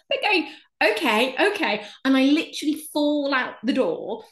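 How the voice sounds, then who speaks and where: This high-voiced woman from England, in her thirties, talks fairly quickly in an echoey room. As a guest in a casual conversation, she tells a story with animation, acting out each person's words in their own voice.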